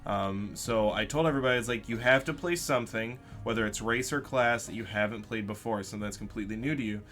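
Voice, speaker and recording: A man's voice: on the low side, fast talker, a bit bright, faint music behind. A man hosting a casual chat about tabletop role-playing, explaining his ideas at length. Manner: explanatory, talks things through at length. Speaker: podcast host and dungeon master.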